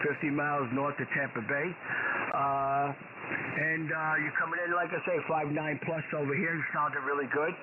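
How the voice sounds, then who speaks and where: A man's voice: a little high, little pitch movement, moderate pace. A talkative, friendly man with a Brooklyn accent calling in over the radio. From Brooklyn, New York. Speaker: radio caller. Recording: tinny shortwave radio with loud static.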